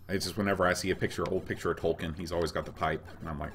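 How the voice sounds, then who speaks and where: A hoarse, raspy middle-aged man co-hosting a podcast, rambling casually as he plays a retro game. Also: low voice, fairly even intonation, a little fast, pauses often, fairly bright tone, faint music behind. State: hoarse, coughing. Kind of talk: casual gameplay chat.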